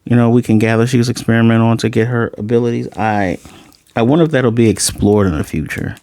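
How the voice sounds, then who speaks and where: A man's voice: medium pitch, fast, darkish tone, no echo. A man giving a chatty, amused review of an episode and retelling its scenes. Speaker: anime reviewer.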